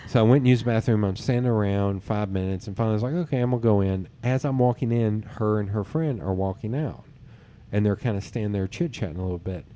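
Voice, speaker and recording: A man's voice: lowish voice, fast talker. A man hosting a podcast, telling personal dating stories in casual chat, acting out what others said and swearing casually. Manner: animated storyteller who acts out others' lines, swears casually. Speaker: podcast host.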